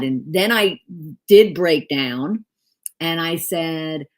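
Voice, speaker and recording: Middle-aged woman, low register; candid storyteller, loose and unscripted. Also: lively intonation, slow. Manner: candid, storytelling with frequent fillers and self-corrections. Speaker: leadership coach and author. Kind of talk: casual storytelling monologue.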